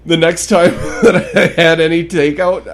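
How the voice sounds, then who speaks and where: A man's voice: on the high side, fairly even intonation, normal speed, slight background noise. A man hosting a casual podcast, telling stories with frequent laughter and swearing. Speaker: podcast host.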